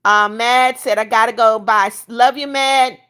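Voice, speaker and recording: A woman's voice: a little high, fairly even intonation, unhurried, sharp tone. An older woman hosting a casual livestream, reading viewer comments aloud and bluntly kicking out troublemakers. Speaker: livestream host reading chat.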